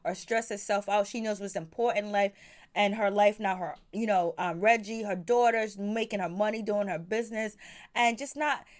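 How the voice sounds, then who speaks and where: A woman's voice: mid-range voice, normal speed. A woman hosting a casual, opinionated recap of a reality TV episode, often slipping into the voices of the people she quotes. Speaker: TV recap host.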